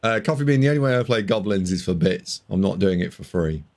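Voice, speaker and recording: A man's voice: low voice, expressive, fast, a little mellow. A man streaming a board game live, bantering and teasing with his chat in casual commentary.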